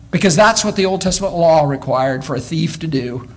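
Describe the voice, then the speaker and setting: Guy with a high voice preaching, gets loud then goes quiet, stumbles and repeats words a lot. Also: fast talker, few pauses. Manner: animated, swings between loud exclamation and low asides, repeats words. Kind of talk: sermon.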